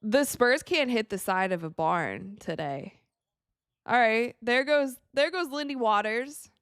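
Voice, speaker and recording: A woman's voice: on the high side, measured pace, clean tone, dry recording. Young woman streamer, casual game commentary, chatty, dry close sound. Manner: chatty, animated, reacting to plays. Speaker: livestream host.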